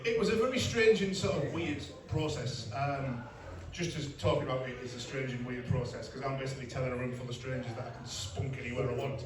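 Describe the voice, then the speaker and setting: A man's voice: mid-range voice, fast talker, few pauses, background noise. A middle-aged man doing a stand-up comedy set, blunt and self-mocking, with asides to the crowd. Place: comedy club stage with live audience. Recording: roomy club sound from a distance, crowd laughter.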